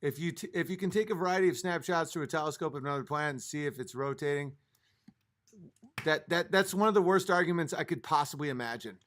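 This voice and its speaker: Man, high-pitched voice, livestream host, heated profane rant, a few drinks in. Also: fast, a bit bright. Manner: profane, heated ranting, reads chat aloud. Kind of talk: late-night livestream rant.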